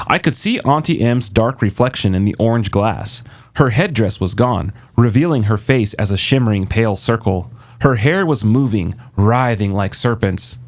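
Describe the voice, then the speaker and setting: A man narrating an audiobook in the first person with a steady, measured delivery. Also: mid-range voice. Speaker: audiobook reader.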